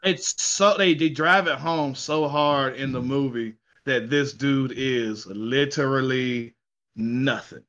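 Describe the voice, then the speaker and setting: A man in casual chat, telling a story in an animated, slangy way, swearing and laughing as he goes. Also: mid-range voice, takes it slowly, muffled recording. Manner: slangy, says y'all and ain't.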